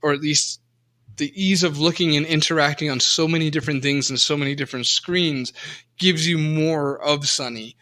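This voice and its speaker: A man's voice: on the high side, fairly even intonation, normal speed, bright, forceful tone. A man co-hosting a casual podcast chat about old games, rambling with lots of restarts and fillers. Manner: rambling, many restarts and fillers, self-mocking. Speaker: podcast co-host.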